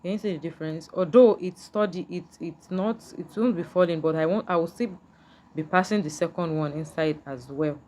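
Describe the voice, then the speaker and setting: Speaking a little fast in a lower, darkish voice, a woman walks through a beading tutorial patiently and step by step. She repeats things and regularly checks that viewers can see.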